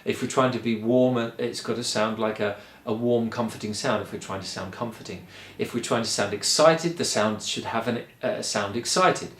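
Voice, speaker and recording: A man giving a singing lesson, explaining calmly and encouragingly, step by step. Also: mid-range voice, moderate pace, reverberant. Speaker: singing teacher. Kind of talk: vocal lesson.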